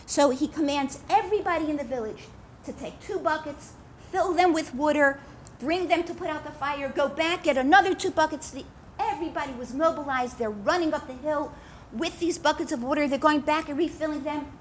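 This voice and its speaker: Animated woman storyteller, high voice. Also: brisk, a little hiss or hum. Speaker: speaker addressing women. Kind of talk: religious storytelling talk.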